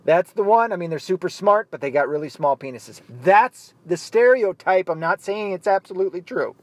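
A blunt, heated man delivers a profane solo rant in a fairly high voice. The recording is dry and close, with no room sound. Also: expressive, moderate pace, dry recording. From United States.

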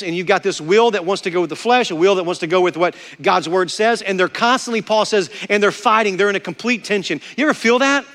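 Man, pastor preaching, high voice, sharp bright tone, emphatic, echoing hall. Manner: emphatic preaching, repeats words for stress. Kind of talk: sermon.

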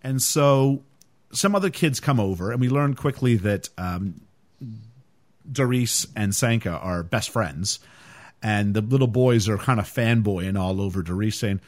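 A man's voice: on the low side, normal speed. A man hosting a podcast, chatting casually and animatedly about a film, with frequent fillers. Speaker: podcast host.

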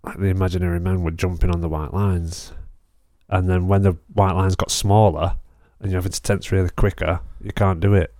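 Low, dark-voiced man. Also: flat delivery, a little fast, dry recording, clean studio sound. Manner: rambling, laughs at own stories. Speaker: podcast co-host. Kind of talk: casual chat.

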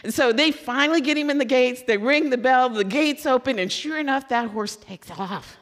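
A woman from Louisville giving a sermon as a lively personal story, acting out her own excitement and letdown. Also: high voice, normal speed. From Louisville, Kentucky. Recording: long hall reverb.

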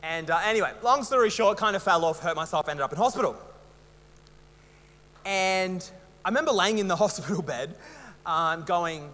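A man's voice: sits high, moderate pace, long pauses, sharp tone, big-room sound. A young Australian man preaching a sermon in a chatty, rambling, self-mocking way, full of fillers. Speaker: pastor. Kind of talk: casual storytelling sermon.

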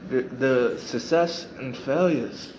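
Slow, reflective male podcast host. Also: medium pitch, muffled recording, background noise. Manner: reflective, repeats phrases for emphasis. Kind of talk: motivational podcast monologue.

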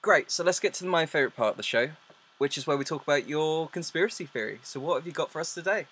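A man's voice: on the high side, lively intonation, fast talker, fairly bright tone, slightly rough, no room sound. A man hosting a podcast over a video call, easygoing and jokey, laughing often as he talks. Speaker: podcast host. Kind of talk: casual chat.

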